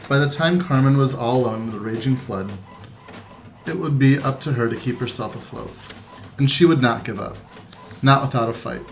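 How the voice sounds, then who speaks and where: A man, a teacher, reading a children's novel aloud to his students in a plain, unhurried way, lightly voicing the dialogue, then going over the day's plan. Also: medium pitch, faint music behind. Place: room at home with a printer nearby.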